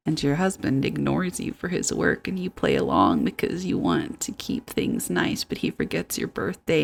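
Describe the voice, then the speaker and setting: Chatty low-voiced woman streamer, unhurried, giggly, swoops in pitch. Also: vocal fry. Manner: giggly, chatty, thinking aloud. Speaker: gaming streamer. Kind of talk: casual let's play commentary.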